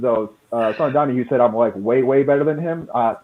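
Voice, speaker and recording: A man's voice: mid-range voice, a little fast. A man from Philadelphia, a guest who talks in a self-deprecating way and laughs as he speaks. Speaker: guest, senior career manager. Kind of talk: casual livestream chat. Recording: dull lo-fi audio with faint hiss.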